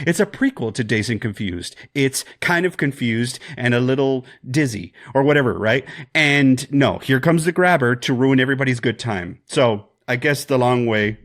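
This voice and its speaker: A man co-hosting a podcast, talking through a horror film in a rambling, animated way with jokes and swearing. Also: mid-range voice. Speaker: podcast co-host. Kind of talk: casual film discussion.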